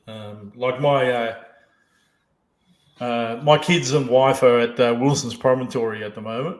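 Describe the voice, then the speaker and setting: Guy hosting a podcast, swears constantly, rambles and restarts, normal pitch, echoey room. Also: unhurried, pauses often. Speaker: podcast host. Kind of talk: casual podcast chat. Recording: roomy echo.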